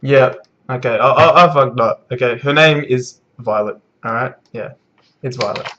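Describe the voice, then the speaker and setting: A man giving a casual live manga reaction in a middle-pitched voice, rambling and swearing with plenty of fillers. The sound is dull and lo-fi, as if from a cheap mic. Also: normal speed, fairly bright tone, slight background noise. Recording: dull lo-fi recording.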